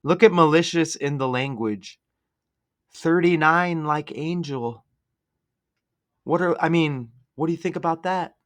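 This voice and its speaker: A man's voice: on the high side, unhurried, pauses often. A man hosting a casual video, commenting sarcastically over game footage and laying out number-cipher theories. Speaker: sports commentary video host.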